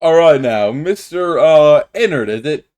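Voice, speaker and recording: A man playing a flustered judge in a game roleplay, pitched a bit higher and louder than normal. He halts and restarts as he questions witnesses. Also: animated, unhurried. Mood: judging. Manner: hesitant, stumbling over words. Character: male courtroom judge, flustered but stern. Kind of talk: Minecraft roleplay.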